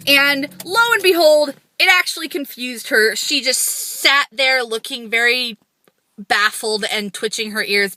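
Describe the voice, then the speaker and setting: A young adult woman telling quick stories in a casual, self-deprecating vlog, filmed on a phone camera. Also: a little high, pushed and bright, a little hiss or hum. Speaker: vlogger.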